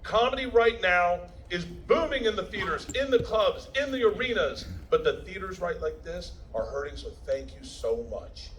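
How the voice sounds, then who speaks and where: Speaking at a moderate pace with few pauses, the comedian's high, animated voice carries his loud, cursing live stand-up stories to the premiere audience. He laughs through them, and the low-quality recording has a slight hiss or hum.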